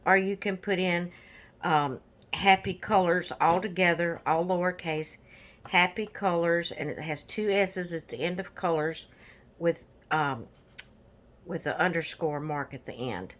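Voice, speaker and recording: On her coloring channel, a woman with a voice on the low side talks a little slowly. Easygoing and rambling, she discusses her completed pages with frequent fillers.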